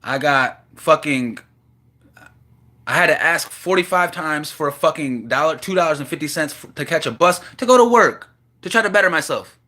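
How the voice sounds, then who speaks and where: A man's voice: fairly high pitch, expressive, normal speed, bright, forceful tone. A man venting in an impassioned, profane monologue to the camera. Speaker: vlogger.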